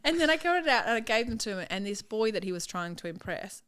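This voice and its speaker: A woman's voice: on the high side, sing-song, fast talker, fairly bright tone, clear, resonant tone. An Australian woman in her thirties, co-hosting a comedy podcast in a blunt, chatty, storytelling way. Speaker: podcast co-host. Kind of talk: casual comedic chat.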